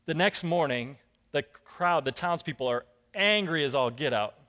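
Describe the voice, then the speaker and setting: A man's voice: a little high, animated, moderate pace, bright, forceful tone. A man preaching a casual, conversational sermon as a pastor, self-deprecating and acting out characters' lines.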